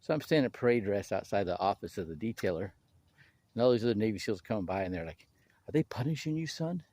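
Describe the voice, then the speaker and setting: Man, slightly low voice, animated personal storytelling with restarts. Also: dry recording. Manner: animated, acts out quoted people in a raised voice; halting restarts and repeated words. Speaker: speaker sharing his testimony.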